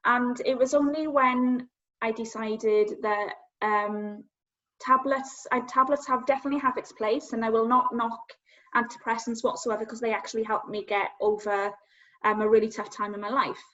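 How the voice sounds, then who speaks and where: A woman guest telling her personal story in an earnest, halting, self-searching way. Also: on the high side, steady tone, fairly bright tone. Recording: dull lo-fi sound.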